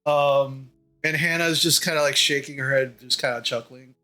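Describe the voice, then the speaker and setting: A man's voice: mid-range voice, steady tone, moderate pace, sharp tone. A man narrating a tabletop game as game master, hesitant with many fillers.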